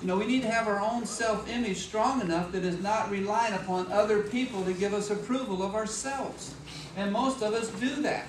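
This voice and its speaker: A middle-aged man speaks in a fairly high voice, mixing jokes and acted-out voices into a motivational talk at an office meeting. He sounds far from the mic in an echoey room. Steady background noise sits behind him. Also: moderate pace. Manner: humorous, animated, acts out voices and sounds.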